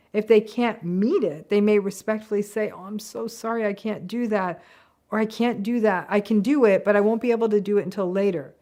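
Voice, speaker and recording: A woman psychologist teaches straight to camera at a middle pitch. She talks with direct, emphatic energy. She gives the example replies she quotes a little life of their own. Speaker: psychologist explaining healthy relationships. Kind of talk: educational talk to camera.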